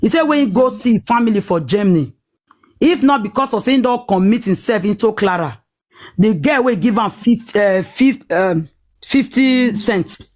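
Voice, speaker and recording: A woman with a Nigerian Pidgin accent telling a personal story in a lively, dramatic way, acting out what people said. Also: mid-range voice, brisk. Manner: animated, dramatic retelling with acted-out quotes.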